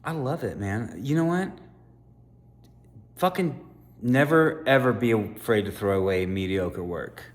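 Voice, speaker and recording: A man in his fifties, a contractor, swearing constantly in a personal rant to camera, swinging from loud outbursts to quiet musing. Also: medium pitch, expressive, unhurried, pauses often. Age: 50s. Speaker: contractor and aspiring sandwich maker.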